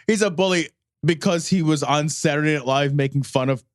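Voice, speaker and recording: A man's voice: a little high, brisk, no room sound, clean studio sound. A man co-hosting a podcast, chatting sarcastically and laughing often. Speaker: podcast co-host. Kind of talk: casual comedic chat.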